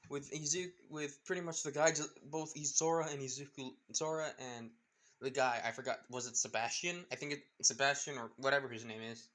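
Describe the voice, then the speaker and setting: A man's voice: mid-range voice, steady tone, a little fast, fairly bright tone. A man casually retelling a fan story, rambling with many fillers and losing track of names.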